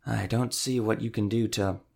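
A man's voice: on the low side, fairly even intonation, moderate pace, creaky, a little mellow, breathy edge. A man reading an audiobook, voicing a blunt male doctor who growls his words. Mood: gruff.

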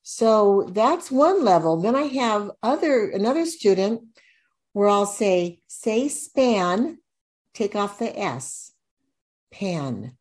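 A woman teaching reading skills, slowly sounding out words and syllables in a demonstration lesson. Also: mid-range voice, sing-song, darkish tone. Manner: slow, deliberate, sounding out syllables. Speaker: reading tutor. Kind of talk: instructional demonstration.

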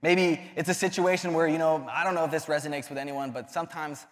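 A man's voice: on the high side, steady tone, quick pace. Earnest young man preaching in a hall. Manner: earnest and conversational, with many likes and restarts. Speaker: youth ministry speaker. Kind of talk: casual sermon. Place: church hall. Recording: long hall reverb.

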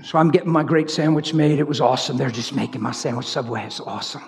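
A man preaching a sermon in an animated way, swinging from high shouts down to low storytelling. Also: quick pace, vocal fry, a little hiss or hum. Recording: long hall reverb.

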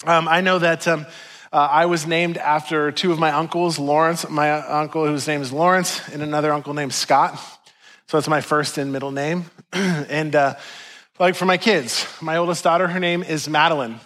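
Male pastor, fairly high voice, laid-back and self-deprecating delivery, conversational sermon. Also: steady tone, moderate pace, fairly bright tone. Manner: chatty, self-deprecating, many "like"s and asides.

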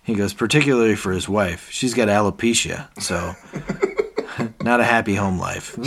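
A man's voice: on the low side, measured pace, gravelly, a bit bright, a little hiss or hum. A man co-hosting a podcast, retelling scenes in casual chat and acting out the characters' lines between laughs. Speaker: podcast co-host.

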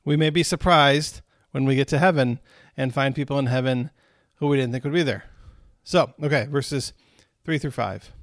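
A man's voice: medium pitch, moderate pace, no echo, studio quality. A man leading a recorded Bible study, teaching in an earnest, conversational way with frequent asides to his listeners.

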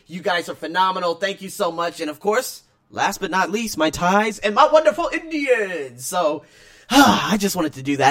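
A man hosting his own podcast, talking casually and rambling, swinging between loud excitement and low mutters. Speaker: podcast host. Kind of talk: casual solo podcast talk.

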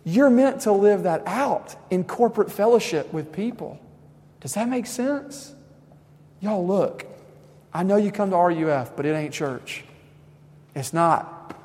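A man preaching with fervor, his fairly high voice carried on a long hall reverb. He swings from loud, urgent exhortation to hushed, tender appeals. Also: expressive, a little slow. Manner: impassioned, swings from loud to soft. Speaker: campus minister. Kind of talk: sermon.

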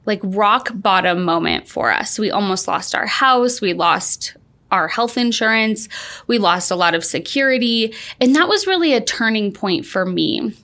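A woman's voice: medium pitch, fairly bright tone. A woman in her thirties hosting a podcast, telling her personal story in an upbeat, chatty way. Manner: upbeat, chatty, frequent "like" and laughs. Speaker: podcast host, launch coach.

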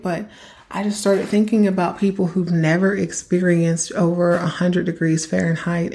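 A woman's voice: lowish voice, warm tone. Chatty podcast host woman from Texas. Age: young adult. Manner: chatty, emphatic, giving advice directly to listeners. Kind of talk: casual solo podcast monologue.

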